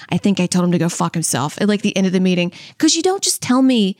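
A woman's voice: mid-range voice, expressive, quick pace, hardly any pauses, a little mellow, dry recording, clean studio sound. A young woman from Louisiana, a comedian and podcast co-host, telling candid stories in a chatty, profane way and laughing often. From Louisiana, US South. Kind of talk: candid casual storytelling with stand-up jokes.

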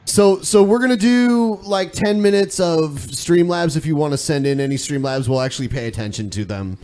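A man hosting a live online show, talking in a relaxed, low-key way and dropping mumbled asides. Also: moderate pace. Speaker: host. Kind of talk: casual live-stream banter.

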